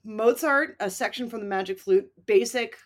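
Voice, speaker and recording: A woman's voice: on the high side, moderate pace, slight background noise. Wry, profane woman. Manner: profane, wry and self-deprecating. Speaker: podcast co-host. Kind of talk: casual film chat.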